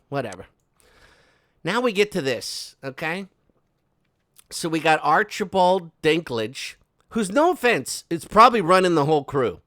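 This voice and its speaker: A man's voice: on the high side, pushed and bright, dry recording, clean studio sound. A man giving casual gossip commentary, rambling and sarcastic with many fillers and asides. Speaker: commentary host.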